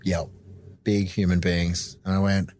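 A man's voice: low-pitched, little pitch movement, a little slow, a little mellow. An Australian man telling a story as an interview guest in a casual, rambling way, laughing often and swearing freely.

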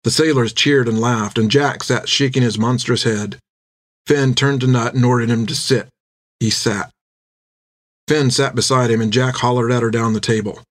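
A man's voice: medium pitch, steady tone, moderate pace, no room sound, clean studio sound. Man narrating an audiobook.

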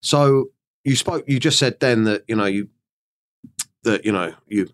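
A man hosting a podcast, asking questions in a blunt, relaxed way and swearing freely. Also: on the low side, measured pace. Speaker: podcast host. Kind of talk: casual interview chat.

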